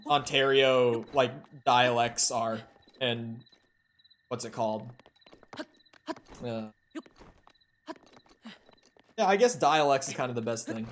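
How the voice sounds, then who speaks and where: A man's voice: mid-range voice, a bit bright, slight background noise. Laid-back Minnesotan young man streaming. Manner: loose, offhand, swears, answers chat. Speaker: game streamer. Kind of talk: casual live-stream chat while gaming.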